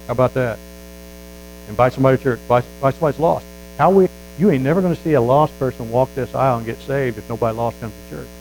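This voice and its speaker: A man preaching a sermon as a Baptist pastor, folksy and emphatic, building to loud fervor. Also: mid-range voice, quick pace, slight background noise, rough recording.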